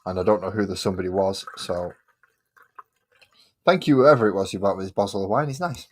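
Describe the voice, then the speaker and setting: A man's voice: low voice, animated, a little fast. Rambling Manchester man chatting while painting. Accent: Manchester English. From England. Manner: rambling, sings and hums to himself, repeats phrases, laughs at himself. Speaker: miniature painting streamer. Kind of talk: casual chat while painting.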